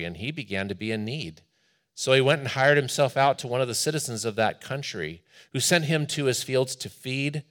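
A man preacher reading scripture and explaining it in a conversational, expressive sermon with asides. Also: lowish voice.

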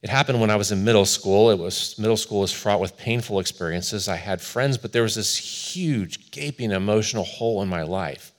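A male pastor delivering a sermon in a lowish voice. He speaks earnestly, weaving personal story into preaching. His delivery swells and then drops to quiet, hushed stretches. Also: normal speed, few pauses.

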